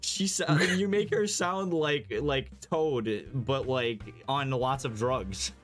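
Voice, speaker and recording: A man's voice: mid-range voice, slow pace, fairly bright tone, faint music behind. A man chatting casually while playing a game, joking and giggling with friends. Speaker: let's-play host. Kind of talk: casual gameplay chat.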